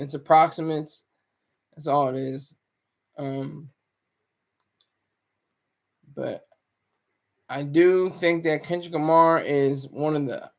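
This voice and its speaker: High-pitched male streamer; loose, meandering, self-interrupting chat to viewers. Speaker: livestreamer. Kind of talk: casual livestream commentary.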